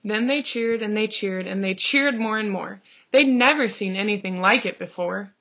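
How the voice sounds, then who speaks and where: A woman reading a picture book aloud, slow and expressive, calling out the page turns. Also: mid-range voice, creaky. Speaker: storybook reader. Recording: dull lo-fi recording.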